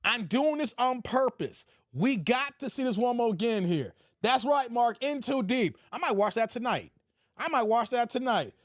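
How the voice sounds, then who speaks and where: A man talks in a lively, animated way, his pitch rising and falling constantly as he jokes and reads out chat. His voice sits in a middle register and is recorded very dry and close. He keeps repeating his catchphrases in a casual streaming style. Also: moderate pace, no room sound. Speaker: reaction streamer. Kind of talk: casual live commentary reading chat.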